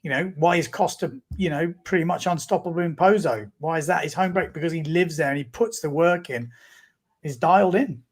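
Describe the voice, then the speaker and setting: A man's voice: a little high, fairly quick, hardly any pauses. A man co-hosting a live podcast, explaining points at length and trading teasing banter with his co-host. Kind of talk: casual live-stream chat.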